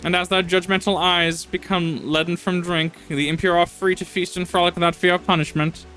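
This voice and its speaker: A man's voice: sits high, little pitch movement, a little fast, pushed and bright, soft background music, voice pushed up, low-quality recording. Dude doing a scheming pumpkin witch in a pompous villain voice, no attempt at a lady voice. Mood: grandiose. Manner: pompous, sly villain voice instead of a female voice. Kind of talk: reading game dialogue aloud.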